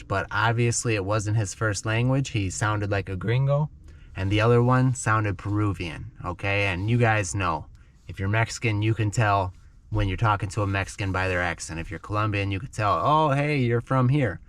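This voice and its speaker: A man's voice: fairly low pitch, moderate pace. A man teaching English to learners by telling a dramatic story in simple words, often checking in with "okay?".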